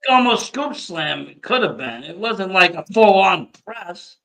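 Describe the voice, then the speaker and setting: Bright, high-voiced male podcast host. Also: big pitch swings, a little slow, creaky. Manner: reactive, profane back-and-forth. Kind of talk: casual chat.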